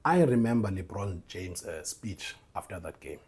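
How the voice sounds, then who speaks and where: A man hosting a motivational faith podcast, talking to listeners as "bro" and "man" and bursting into loud laughter. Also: deep voice, big pitch swings, moderate pace, a little hiss or hum. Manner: tags lines with "bro", "man" and "right?". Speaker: podcast host.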